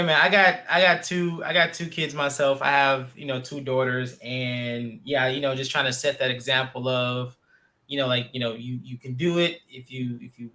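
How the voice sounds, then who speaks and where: A man hosting a podcast, telling stories in an animated, casual way with plenty of fillers. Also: mid-range voice. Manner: animated storyteller, lots of fillers. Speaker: podcast host, jiu-jitsu instructor. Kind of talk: casual conversation.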